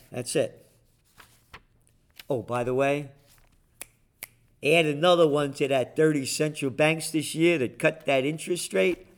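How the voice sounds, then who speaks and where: A man delivers a biting monologue, his voice pitched a little high, jeering at politicians and running through market news. His tone swings between mockery and blunt, rapid-fire opinion. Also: creaky. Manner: sarcastic, combative, mocking name-calling. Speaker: political and market commentary host. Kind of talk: ranting monologue commentary.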